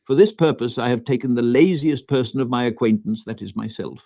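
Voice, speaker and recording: A computer-generated male voice reading a classic essay aloud in a measured, even delivery. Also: medium pitch, no room sound, dull audio. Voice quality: measured, smooth synthetic delivery. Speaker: AI text-to-speech reader.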